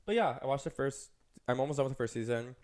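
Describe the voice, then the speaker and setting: A man chats casually as a podcast co-host. He talks at a brisk clip and rambles from one thought to the next, filling the gaps with "like" and "um". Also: medium pitch, expressive, darkish tone. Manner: rambling, heavy use of "like" and "um".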